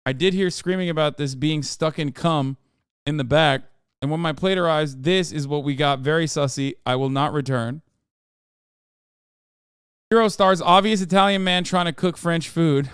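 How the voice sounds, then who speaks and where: A man hosting a livestream in casual chat, reading viewer posts aloud in an offhand, sarcastic way with loud outbursts. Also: fairly high pitch, normal speed, clean tone, no room sound, clean studio sound. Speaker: livestream host.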